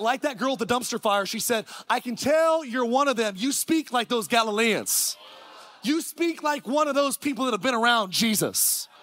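A man, a pastor, preaching an energetic sermon in a church, with rhetorical questions and shouted lines. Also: very high voice. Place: church sanctuary.

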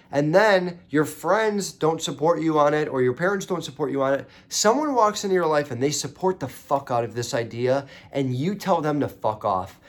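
A young man telling a story as a podcast host, casual and profane, rising into indignant ranting. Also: a little high.

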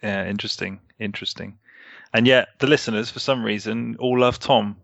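A man's voice: on the low side, fairly even intonation, a little fast, vocal fry, fairly bright tone, dry recording. A man co-hosting a casual podcast chat, rambling, hedging a lot and swearing casually. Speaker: podcast co-host. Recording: slightly muffled dry recording.

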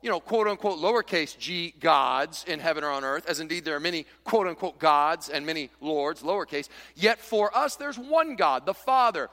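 A high, lively male voice preaching with bright energy, swinging up and down as he plays out the voices of arguing church members. His words ring with a long reverb, as in a big church hall. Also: normal speed, few pauses. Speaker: pastor. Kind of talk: sermon.

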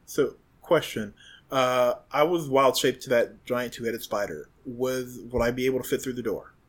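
A man playing a tabletop game, thinking aloud in a casual, easygoing way about what his character does. His voice sits mid-pitched. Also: normal speed. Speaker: player.

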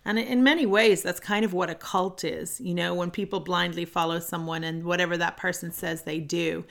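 A middle-aged woman hosting a solo self-help podcast, telling a personal story in an earnest, animated way. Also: lowish voice, normal speed, gravelly. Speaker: podcast host.

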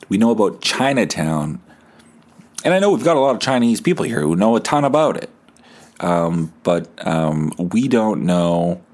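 A man hosting a solo podcast, rambling casually with deadpan sarcasm and jokes. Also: sits low. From Canada. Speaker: podcast host.

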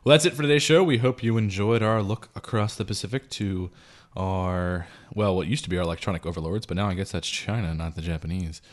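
A man hosting a casual beer-tasting podcast, chatting and wrapping up the show in a relaxed, rambling way. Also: low-pitched, brisk. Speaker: podcast host.

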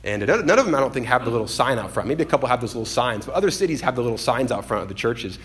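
A man preaching a sermon in an animated way, acting out the voices he quotes and swinging between loud and hushed delivery. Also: medium pitch, racing. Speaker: pastor.

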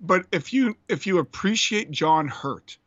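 Guy raving about a film on a podcast, bit higher voice, muffled remote sound. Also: expressive, unhurried, fairly bright tone, no room sound. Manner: passionate, emphatic. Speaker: podcast guest. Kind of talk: casual film chat.

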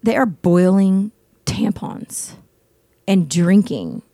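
A woman's voice: mid-range voice, big pitch swings, slow, creaky, dark tone, no room sound, clean studio sound. A blunt, outspoken middle-aged woman hosting a casual talk show, chatting with her co-host. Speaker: podcast host. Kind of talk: casual chat.

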